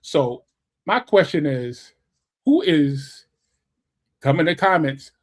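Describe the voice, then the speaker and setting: A man from New York co-hosts a casual music podcast with a slightly husky, somewhat high voice. He is animated and reacts to live comments with quick exclamations. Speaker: podcast co-host.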